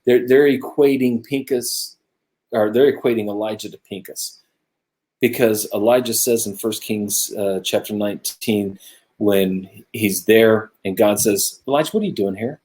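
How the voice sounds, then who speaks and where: A man co-hosting a casual Bible study talk, earnest and musing, growing animated when he makes a point. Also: on the low side, a little slow. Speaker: co-host of a religious discussion show. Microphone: own camera close by, video stream.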